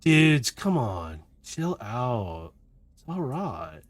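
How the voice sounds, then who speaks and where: A man's voice: mid-range voice, very animated, drawn-out words, no echo, heavily acted. A man doing a drawling surfer-dude robot voice. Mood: laid-back. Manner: drawling, easygoing.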